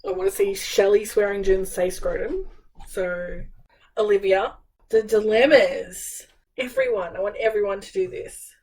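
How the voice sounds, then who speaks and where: Playful Australian woman, lively voice. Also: mid-range voice, a little slow. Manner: playful, laughing, cheerfully swearing. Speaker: booktuber co-host. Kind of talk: casual chat. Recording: distant mic, faint background noise.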